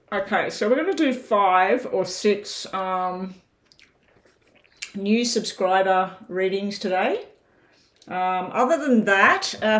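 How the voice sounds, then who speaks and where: A woman reading tarot on a live stream, chatting loosely to her viewers and talking while she eats. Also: mid-range voice. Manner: rambling, chatty, talks while eating. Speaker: tarot reader. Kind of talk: casual livestream chat to viewers.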